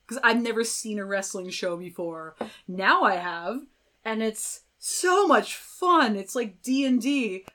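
A young woman, a violinist guest on a podcast, telling a story in a casual, animated way and acting out other people's voices. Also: mid-range voice, slow pace.

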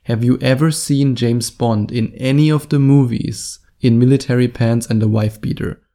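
Gravelly German-accented podcast host. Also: male voice, mid-range voice, steady tone, normal speed, mellow. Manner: jokey, self-deprecating, emphatic. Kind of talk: casual solo podcast monologue.

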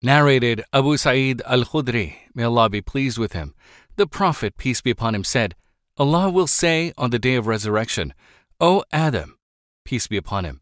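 A man's voice: mid-range voice, animated, fairly bright tone, dry recording. Man reading religious text aloud, dry. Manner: measured, formal recitation with reverent drops on honorifics. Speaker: audiobook reader.

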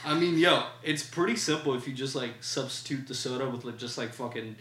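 Guy from india cursing and teasing his buddies on a podcast, bright voice, echoey room. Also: medium pitch, fairly quick. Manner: swears freely, teasing, loose slangy talk. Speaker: podcast co-host. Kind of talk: casual banter. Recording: roomy echo.

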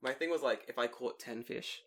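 A young man in his late twenties trading stories on a casual podcast. His voice sits at an ordinary middle pitch and he tells things with lots of energy, swearing freely and breaking into laughter. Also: fairly quick. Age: 20s. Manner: animated, swearing, laughing storyteller. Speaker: podcast co-host. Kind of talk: casual chat.

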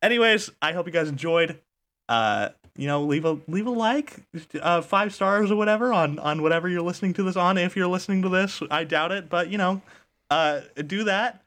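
A man's voice: high voice, brisk, fairly bright tone. Easygoing man hosting a podcast. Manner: easygoing, laughs often. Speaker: podcast host. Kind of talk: casual podcast chat.

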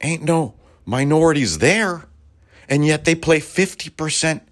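A man's voice: on the high side, expressive, a little slow. A middle-aged man from Los Angeles hosting a political talk-radio show, delivering a heated, profane and emphatic rant with sarcastic asides. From Los Angeles, United States.

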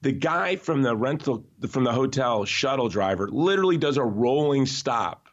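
A man's voice: mid-range voice, moderate pace. Emphatic man, slightly muffled recording. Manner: emphatic, animated storyteller who often restarts sentences. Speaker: podcast guest. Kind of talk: conversational podcast interview. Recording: slightly dull, lo-fi audio.

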